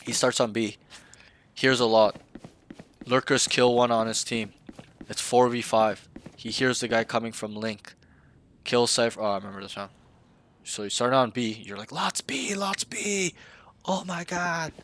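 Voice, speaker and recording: Blunt, slangy low-voiced male coach. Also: little pitch movement, normal speed, pauses often, a bit bright. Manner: blunt, slangy, swears, acts out callouts. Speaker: game coach. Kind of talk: casual coaching review.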